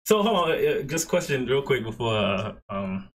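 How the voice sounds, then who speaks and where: A man's voice: mid-range voice, very animated, moderate pace. A man hosting a casual interview podcast, asking questions loosely and using slang. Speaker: podcast host.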